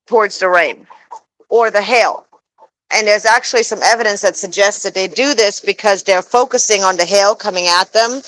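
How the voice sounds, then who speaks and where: A woman with a Texan accent talks unhurriedly through a casual live stream, pausing often with fillers as she explains bird behavior. Her voice sits at a middle pitch and she takes her time with every thought. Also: a bit bright, poor audio. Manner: slow, rambling explanations with fillers. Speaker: pet goose keeper livestreaming. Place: outdoors on a farm.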